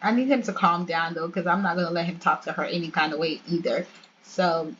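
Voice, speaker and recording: A woman's voice: on the low side, fairly even intonation, a little fast, fairly bright tone, highs cut off, slight background noise. A young woman hosting a let's play, chatting and talking straight to her viewers. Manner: chatty, addresses viewers directly. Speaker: gaming channel host.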